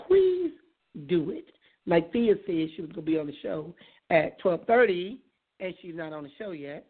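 A hoarse woman hosting a casual talk show, chatty and quick to laugh, often saying things twice. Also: on the low side, sing-song. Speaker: radio show host. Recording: tinny phone-like sound.

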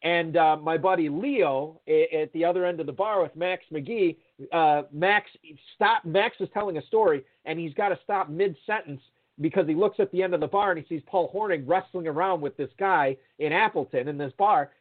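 A man with a fairly high voice tells a winding anecdote, stopping and restarting often and putting on the voices of the people in it. He comes through a narrow, tinny phone-like line. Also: normal speed. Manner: rambling, animated storytelling with many fillers and restarts. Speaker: guest storyteller. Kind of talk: casual anecdote telling.

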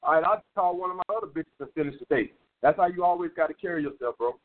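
A man in his own voice, somewhat high for a man, lecturing listeners in a blunt, profane, repetitive way. The sound is narrow and phone-like, as on a lo-fi call-in radio stream. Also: fast talker. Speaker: dating advice host. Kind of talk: call-in radio advice talk.

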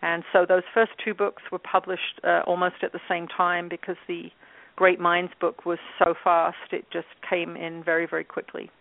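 A woman in her fifties from England, a guest telling her story in a relaxed interview with many fillers. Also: on the low side, normal speed, vocal fry, no echo. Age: 50s. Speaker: guest, channel and author. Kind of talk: casual interview talk. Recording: tinny phone line.

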